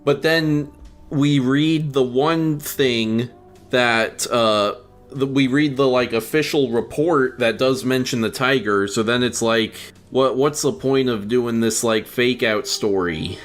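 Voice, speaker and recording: A young man of middling pitch gives his take on a film in a halting, restarting way, with faint music under his voice. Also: fairly even intonation. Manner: hesitant, halting, with many likes and restarts. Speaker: podcast co-host. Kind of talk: casual movie review chat.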